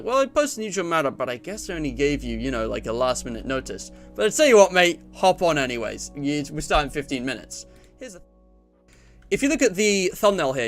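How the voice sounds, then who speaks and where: A man's voice: on the high side, fairly bright tone. Chatty young man hosting a stream. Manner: chatty, rambling, laughs often. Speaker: stream host. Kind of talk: casual stream chat.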